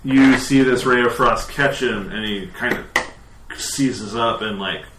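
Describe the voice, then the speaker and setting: Slow-talking male game master. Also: medium pitch. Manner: relaxed, slow narration with many fillers. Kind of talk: narrating a tabletop game. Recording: echoey room, faint background noise.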